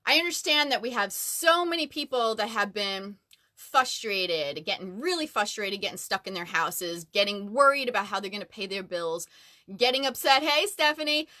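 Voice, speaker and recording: Bubbly woman with a bright voice livestreaming. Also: mid-range voice, lively intonation, normal speed. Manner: bubbly, chatty, greets viewers by name. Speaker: livestream host. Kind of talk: casual livestream chat. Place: closet at home.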